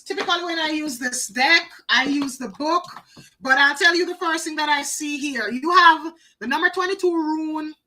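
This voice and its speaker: A woman's voice: sits high, sharp tone, poor audio. A woman doing a live oracle card reading, chatty, talking to viewers by name and repeating phrases for emphasis.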